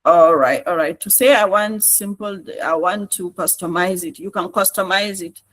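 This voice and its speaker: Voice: mid-range voice, moderate pace, fairly bright tone, rough recording. A trainer with a Nigerian English accent gives a step-by-step online tutorial, repeating points and checking that listeners follow. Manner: repetitive, coaxing instruction with frequent checks on listeners.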